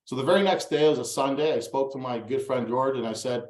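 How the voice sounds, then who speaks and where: Male real estate coach, earnest storyteller acting out dialogue, mid-pitched, roomy echo. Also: fast, a little mellow. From Toronto, Canada. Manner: earnest, acts out remembered dialogue with stammered restarts. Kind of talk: motivational storytelling.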